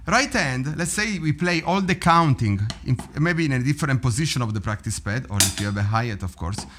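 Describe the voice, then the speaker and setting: A man teaching drum rudiments in a relaxed, animated way, often vocalizing rhythms and laughing. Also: mid-range voice, fairly quick, hardly any pauses, over loud music. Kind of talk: practice session teaching. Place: drum studio.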